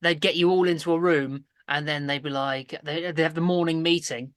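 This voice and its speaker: A man's voice: fairly high pitch, fairly even intonation, a little fast, fairly bright tone, smooth, dry recording, studio quality. A man hosting a casual podcast, rambling through stories with frequent laughs and restarts. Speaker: podcast host. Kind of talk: casual chat.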